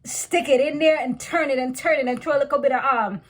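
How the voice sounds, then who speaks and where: A woman from the West Indies hosts a casual reality TV recap. Her voice sits a bit high, and she talks in a loose, slangy way, addressing her viewers directly. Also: fairly even intonation, brisk.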